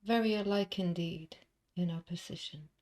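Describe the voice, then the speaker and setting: Give me a measured male boss, played by a woman. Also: fairly low pitch, darkish tone, natural voice. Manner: slow, measured and formal. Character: composed male crime boss, civil but cold.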